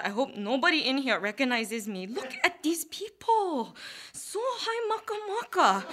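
A woman's voice: sits high, pushed and bright, slight background noise. A young woman with a Hawaiian Pidgin accent doing a mock-dramatic stand-up comedy monologue, switching between pidgin and prim standard speech.

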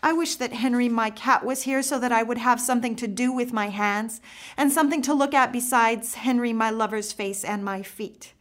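A woman reading a first-person story aloud, earnest and reflective, with expressive phrasing. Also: fairly high pitch, moderate pace. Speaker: narrator.

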